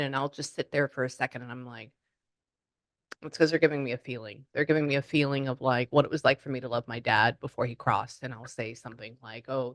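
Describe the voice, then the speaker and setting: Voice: mid-range voice, fairly bright tone, no echo. A psychic medium, chatting through a spirit reading and relaying messages.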